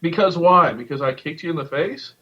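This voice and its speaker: A man's voice: on the high side, lively intonation, a little fast. A young man co-hosting a podcast, joking and arguing in a teasing, casual way. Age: young adult. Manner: teasing, argumentative. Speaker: podcast co-host. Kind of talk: casual chat. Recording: dull lo-fi podcast audio.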